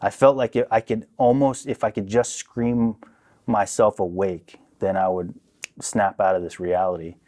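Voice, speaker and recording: A young man telling a story on a podcast in a casual, profane, animated way, acting out what people said. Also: lowish voice, normal speed. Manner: profane, animated, acts out quotes. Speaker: podcast guest.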